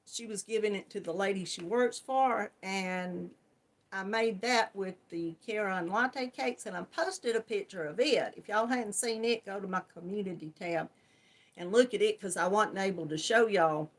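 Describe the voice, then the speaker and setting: A woman hosting a crafting channel, chatting casually on a live stream, laughing often and greeting viewers by name. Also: medium pitch.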